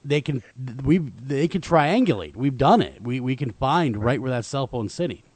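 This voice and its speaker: A man's voice: medium pitch, expressive, moderate pace, darkish tone, dry recording. A man hosting a talk radio show, chatting casually with many fillers and restarts. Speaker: radio host.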